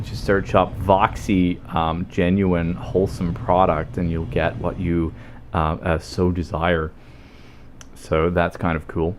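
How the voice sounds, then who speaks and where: A low-voiced Australian man rambles through a relaxed stream of gameplay commentary at an unhurried, drawn-out pace. He jokes around and swears freely. A faint hiss sits under his voice. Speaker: livestreamer. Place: home streaming setup.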